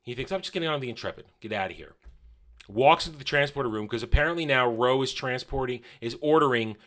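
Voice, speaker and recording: A man's voice: medium pitch, expressive, quick pace, fairly bright tone. A man giving a casual, rambling spoken review of a TV episode, often correcting himself and paraphrasing scenes.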